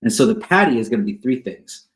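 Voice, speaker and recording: A man's voice: medium pitch, very animated, fast. A man working as a counselor, explaining to couples how to apologize, repeating key words and often checking in with "right?". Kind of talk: teaching on couples conflict. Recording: echoey room.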